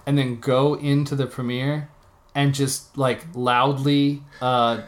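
A man co-hosting a casual podcast. His voice sits at a mid pitch, and he talks loosely and jokes around, often stopping to hunt for words. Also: level tone, takes it slowly. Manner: talkative, gropes for words, jokey. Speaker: podcast co-host.

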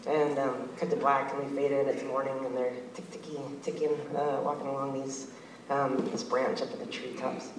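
A man excitedly narrating a cartoon story, with sound effects and laughs. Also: medium pitch, normal speed, reverberant, distant mic, noisy background. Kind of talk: animated storytelling of a cartoon pitch.

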